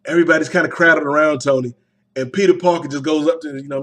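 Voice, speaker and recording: Animated slangy young man reviewing a movie. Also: on the high side. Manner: animated, slangy, quick asides. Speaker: podcast host. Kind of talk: casual movie reaction review.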